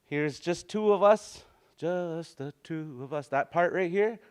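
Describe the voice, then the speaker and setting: A man's voice: a little high, measured pace, a little mellow, clean tone. A man leads a small classroom language lesson in an easygoing, conversational way. He chuckles between points and draws out his words in a sing-song lilt. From Canada. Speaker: language teacher. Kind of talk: casual classroom teaching.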